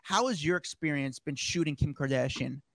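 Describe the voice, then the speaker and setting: Animated laughing man, dry close sound. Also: fairly high pitch, fairly quick, no echo. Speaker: podcast co-host, former paparazzo. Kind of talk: casual podcast storytelling.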